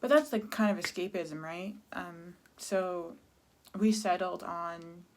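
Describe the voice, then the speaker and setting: A woman from Canada in her thirties, talking candidly and haltingly about her depression in a personal vlog, close to tears. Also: fairly low pitch. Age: 30s. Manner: candid, halting, many restarts and fillers. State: sad, near tears. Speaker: vlogger.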